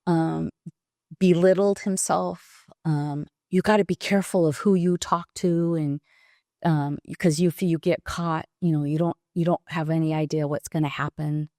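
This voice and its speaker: A woman in her sixties, a podcast guest, telling a personal story in a halting, reflective way with pauses and restarts. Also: sits low, fairly even intonation, mellow, no echo, studio quality.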